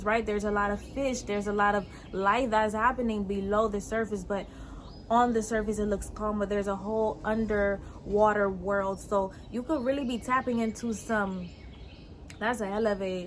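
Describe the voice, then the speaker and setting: A woman's voice: mid-range voice, slight background noise, natural voice. A woman channeling a solemn mystic in an accent.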